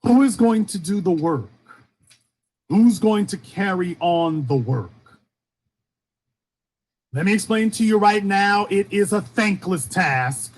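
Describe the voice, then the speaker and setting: An animated commentator from Shreveport, Louisiana, speaks in a high voice with a faint Southern accent, taking his time and leaving long pauses amid slight background noise. His passionate streamed monologue is built on repeated rhetorical questions and emphasis that rises and falls.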